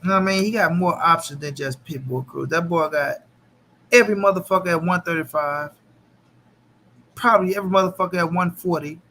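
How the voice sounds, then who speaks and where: Bright-voiced man chatting on a live stream. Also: high-pitched, a little fast, a little hiss or hum. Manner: loose, profane, talks back to chat. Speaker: boxing channel host. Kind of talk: casual live-stream chat.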